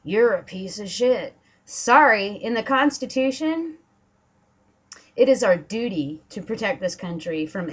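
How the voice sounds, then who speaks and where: Profane, indignant woman ranting on a lo-fi webcam. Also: mid-range voice. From Washington State. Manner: profane, indignant, sarcastic mock quotes. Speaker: political vlogger. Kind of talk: angry ranting monologue. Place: home, dogs barking nearby.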